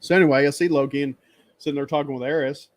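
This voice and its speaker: A man's voice: a little high, steady tone, very fast, no room sound. A man hosting a casual livestream chat, telling a rambling story, laughing often and acting out the greetings he traded. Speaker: livestream host. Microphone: webcam stream setup.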